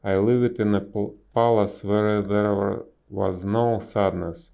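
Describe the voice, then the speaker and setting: A man reading a storybook aloud, voicing a kind, sorrowful young prince turned statue, pleading gently. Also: on the low side, fairly even intonation, slow, vocal fry, clear, resonant tone.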